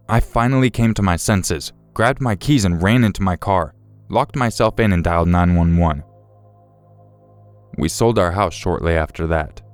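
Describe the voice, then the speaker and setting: A man narrating true horror stories in a steady, measured, scripted read. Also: low-pitched, clean tone. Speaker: story narrator.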